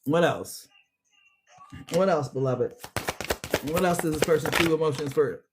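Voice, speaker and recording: High-voiced man giving an emotional tarot reading. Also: moderate pace, pauses often, a little hiss or hum. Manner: emotional, profane, lots of repeated words. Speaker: tarot reader.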